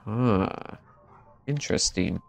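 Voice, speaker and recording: This gaming host's voice is fairly low and creaky, and he takes his time speaking. Commentating a horror game let's play, he cracks jokes, laughs readily and talks back to the game's characters.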